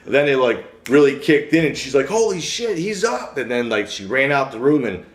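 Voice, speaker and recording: A man's voice: mid-range voice, fairly quick. A young man telling his story in a casual interview, rambling and slangy, acting out what people said to him. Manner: slangy, rambling, acts out quotes. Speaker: interviewee, shooting survivor. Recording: roomy with faint music.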